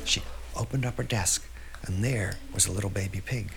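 A storyteller giving an animated live performance of a children's tale, oinking as the pigs and swinging between loud and soft. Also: sits low, moderate pace, gravelly. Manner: animated, shifts loudness for effect, oinks as pigs. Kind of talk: lively storytelling performance for an audience. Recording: live recording with audience noise.

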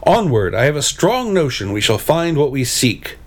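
A pompous male bird knight from a storybook, boastful and declamatory, as a man puts him on. His voice is gravelly and lively in pitch, and it rises only a little above the reader's own. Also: moderate pace. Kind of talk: storybook reading.

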